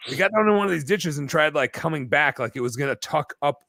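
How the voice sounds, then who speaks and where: A man telling a long story as a podcast guest, animated and full of fillers in casual chat. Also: a little high, fast, gravelly, dry recording. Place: bar-themed podcast set.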